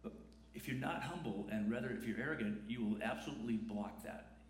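A pastor preaches in a conversational style, posing rhetorical questions, his medium-pitched voice moving a little fast. The church room echoes, and there's a slight hiss or hum.

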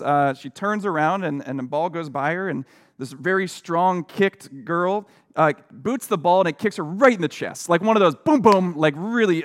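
A middle-aged man preaching a sermon, telling a personal story in an earnest, conversational way with fillers and restarts. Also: sits high. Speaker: pastor.

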